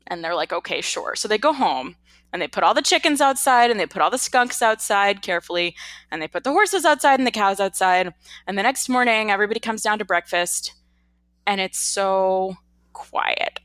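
A woman co-hosting a casual podcast, telling a folk tale in a playful, animated way. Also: mid-range voice, a little fast, dry recording. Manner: animated, playful storytelling with put-on quotes. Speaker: podcast co-host. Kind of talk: casual chat and storytelling.

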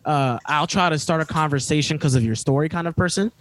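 A man's voice: fairly high pitch, fast. A man on a video call, chatting casually on a podcast, teasing and joking often. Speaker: guest podcaster.

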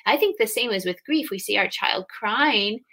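Speaking at a moderate pace in a fairly high voice, this guest, a grief companion trainer in her thirties, is earnest and reflective in a conversational interview. She becomes animated when voicing parents and kids to illustrate her points.

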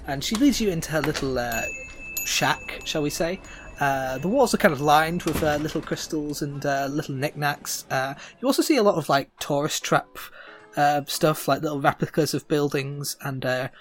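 A man narrating as game master of a tabletop game, halting with lots of ums and sort ofs. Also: a little high.

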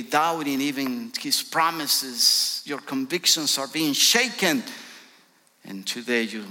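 A man's voice: medium pitch, bright, forceful tone. A man preaching as a guest speaker, speaking with an impassioned manner that rises into urgent, pleading prayers. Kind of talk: sermon. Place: church sanctuary. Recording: long church hall reverb.

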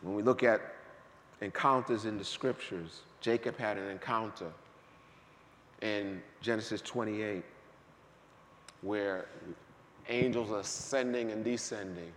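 A man preaching a sermon, swinging between hushed asides and shouted peaks in a church sanctuary. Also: on the low side, measured pace, long pauses, slight background noise. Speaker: pastor. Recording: long hall reverb.

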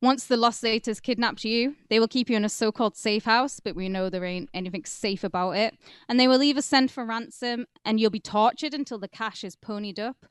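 A woman's voice: mid-range voice, smooth, no echo, studio quality. A woman co-hosting a podcast, telling a story in a wry, sardonic way. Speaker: podcast co-host. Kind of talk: casual podcast chat, reading from notes.

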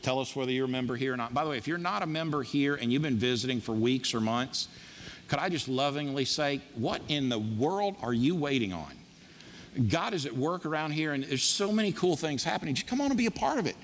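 A man's voice: a little high, lively intonation, fast talker, a bit bright, big-room sound, a little hiss or hum. A man preaching to his congregation in an emphatic, punchy style, with lots of repetition. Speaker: pastor. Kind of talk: sermon. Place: church sanctuary.

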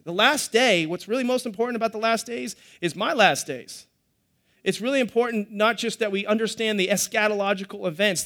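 A man's voice: high-pitched, a bit bright. A middle-aged man, preaching a sermon to a live congregation in a conversational way with joking asides. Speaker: pastor.

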